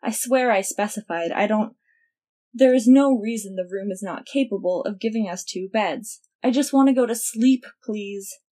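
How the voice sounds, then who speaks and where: A woman's voice: mid-range voice, normal speed, mellow, lightly acted. A woman voicing a sleepy, flustered teenage boy wizard who sounds awkward and pleading. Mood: exasperated.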